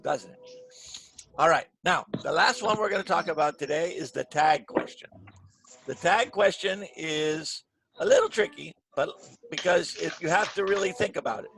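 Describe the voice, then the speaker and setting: Male English teacher, rough gravelly voice, fairly high pitch, patient and clear, video call mic, faint hiss. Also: animated, a little slow, pauses often. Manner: clear, patient, models stressed words loudly. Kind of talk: online grammar lesson. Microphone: computer mic on a video call.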